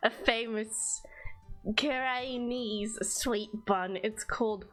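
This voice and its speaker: A woman voicing a cheerful young boy tour guide, reading game lines slowly and hesitantly with an English accent. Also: a little high, fairly even intonation, over music, low-quality recording. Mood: cheery. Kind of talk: reading game dialogue aloud.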